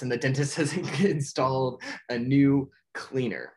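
Rambling young man recapping a movie. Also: medium pitch. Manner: rambling, filler-heavy with frequent "like"; quick bursts of excited acted-out quotes. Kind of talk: casual spoken movie recap.

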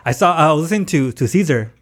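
A young man co-hosting a casual podcast, teasing his partner and laughing easily. His voice sits a little above the usual male pitch, and his talk stays light and chatty. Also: expressive. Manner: playful, teasing, quick to laugh. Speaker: podcast co-host.

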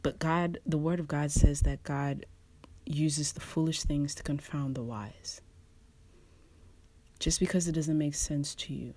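A preacher giving casual devotional teaching, pausing often, repeating words and chuckling between thoughts. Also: mid-range voice, steady tone, darkish tone, no echo. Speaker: online preacher.

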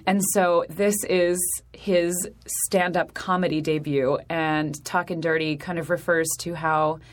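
A woman talks casually as an interview guest, chatty and quick to laugh. Her voice sits on the low side. Faint music plays in the background. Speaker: actor in a stage musical, guest.

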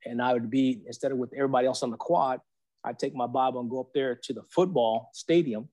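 A man in his forties sharing his faith testimony as a podcast guest, in a slangy, animated storytelling manner that acts out the voices he quotes. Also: medium pitch, fast.

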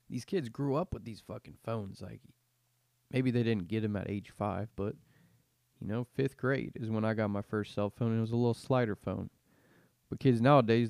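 A man's voice: fairly low pitch, a little mellow, dry recording, studio quality. A man in his twenties hosts a podcast, rambling through a casual rant full of slang and swearing. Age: 20s. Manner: profane, slangy, meandering rant. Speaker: podcast host.

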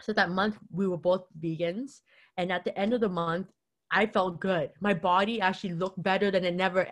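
A young woman telling a personal story in a loose, chatty way, full of "like" fillers, briefly acting out what people said. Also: mid-range voice. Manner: chatty, constant "like" fillers, acts out quotes.

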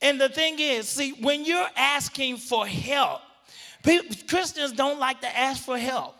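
A man preaching a sermon, drawing words out for emphasis and building up to shouts. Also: very high voice, slow, long reverb tail.

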